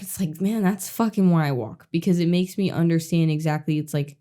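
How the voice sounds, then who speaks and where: A woman's voice: lowish voice, moderate pace, mellow. A woman co-hosting a podcast, chatting casually and reflectively, with frequent swearing. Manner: earnest, reflective, swears freely. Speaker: podcast co-host. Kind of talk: casual chat.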